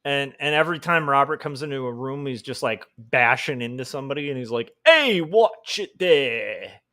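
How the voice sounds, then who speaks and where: A man's voice: mid-range voice, steady tone, quick pace, bright, forceful tone. Rambling man thinking aloud while drawing. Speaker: comic artist streaming his work. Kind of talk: casual livestream chat while drawing.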